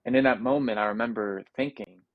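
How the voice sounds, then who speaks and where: Young American male guest, low-ish voice, earnest and reflective, dry close sound. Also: fairly even intonation, brisk, no room sound, phone-quality sound. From United States. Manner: reflective, earnest, frequent restarts and "you know" fillers. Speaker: interview guest, Paralympic athlete. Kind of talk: casual interview.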